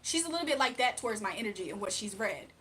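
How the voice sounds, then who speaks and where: A woman's voice: mid-range voice, sing-song, fast talker, pushed and bright, a little hiss or hum. A woman, giving a casual, emphatic spiritual reading on a livestream. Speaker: spiritual reader.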